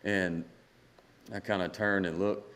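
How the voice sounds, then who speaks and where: A man's voice: sits low, little pitch movement, takes it slowly, fairly bright tone. A man in his thirties, a country singer-songwriter guest, telling a story and acting out the dialogue. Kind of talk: storytelling in a podcast interview.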